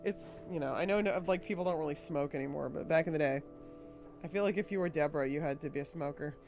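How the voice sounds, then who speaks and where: A woman's voice: low voice, fast talker, a little mellow, soft background music. A woman from Rhode Island streaming a game, chatting casually and often giggling as she rambles. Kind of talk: casual livestream chat.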